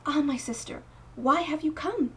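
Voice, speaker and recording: A woman voicing a wise, gentle woman in a storybook, speaking softly with rising wonder. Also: sits high, moderate pace, slight background noise, voice pushed up. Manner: soft, warm, wondering. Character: wise, gentle older sister of a spirit.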